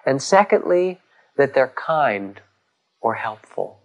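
A man giving a dharma talk as a meditation teacher, gentle and reflective, pausing often and rising in emphasis on key words. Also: medium pitch, very animated, rough recording.

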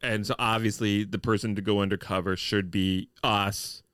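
A man co-hosting a podcast, recapping a TV episode in a wry, deliberate way with deadpan nitpicks. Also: fairly low pitch, clean tone, no echo, studio quality. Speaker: podcast co-host. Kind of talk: casual chat reviewing a TV episode.

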